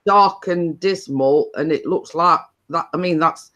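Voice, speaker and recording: A woman's voice: lowish voice, a little slow, a bit bright. A Northern English woman hosting a casual home live stream, chatting in long, rambling stories full of dialect phrasing.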